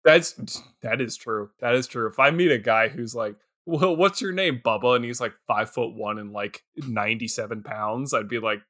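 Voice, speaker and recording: A man co-hosting a casual movie-review podcast, animated and laughing often, slipping into quick put-on voices. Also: on the low side. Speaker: podcast co-host.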